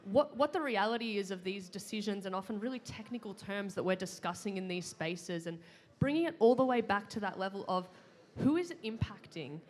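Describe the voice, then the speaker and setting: Young woman, panel moderator, earnest, halting with fillers, middle pitch. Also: lively intonation. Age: young adult. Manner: earnest, heartfelt, many fillers and restarts. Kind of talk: closing remarks at a live panel. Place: conference pavilion at a climate summit.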